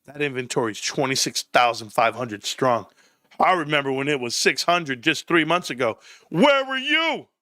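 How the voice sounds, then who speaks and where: A man hosting a stock livestream, excitable and profane, often laughing and shouting. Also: medium pitch, normal speed, no room sound, studio quality. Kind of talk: livestream commentary.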